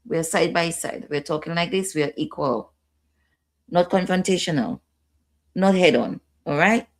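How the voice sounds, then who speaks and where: A woman's voice: fairly low pitch, measured pace. A woman instructor giving a training lecture, repeating key points and checking in with her listeners.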